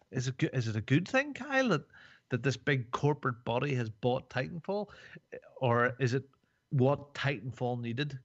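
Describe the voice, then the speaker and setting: A podcast host rambles jokily in casual chat, using lots of fillers. His voice is medium-pitched, and the podcast mic sounds dull and dry.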